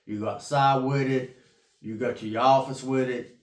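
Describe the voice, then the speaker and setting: An investing vlogger, tired after getting up at 3 a.m., rambles casually to camera in an echoey room. He's folksy, repeats himself, and swears offhandedly, with a medium-pitched voice, fairly even intonation, and normal speed.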